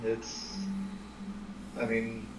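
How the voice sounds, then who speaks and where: A man's voice: fairly low pitch, completely flat delivery, very slow, very noisy. A man playing a tabletop game, chatting casually and hesitantly, recorded at a distance in an echoey room. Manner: hesitant, many restarts. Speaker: player.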